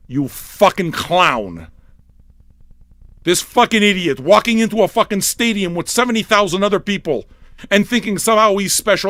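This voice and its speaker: A man hosting a livestreamed record show, ranting with constant swearing, yelling and mocking impressions. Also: sits high, dry recording, studio quality. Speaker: livestream radio DJ. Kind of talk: profane comic rant.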